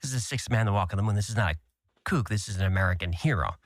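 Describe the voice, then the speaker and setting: A man's voice: fairly low pitch, very fast, dry recording, clean studio sound. A man speaking as a guest in an interview clip, telling a story in a matter-of-fact way. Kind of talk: interview talk.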